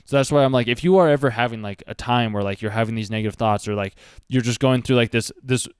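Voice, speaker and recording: A man talks quickly about an anime, drifting into earnest advice and leaning on "like" constantly. His voice is clean and smooth, recorded dry and close with no room sound. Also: mid-range voice, a little mellow, no echo. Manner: rambling, earnest, heavy use of "like". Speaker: anime reaction host. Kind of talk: casual commentary with life advice.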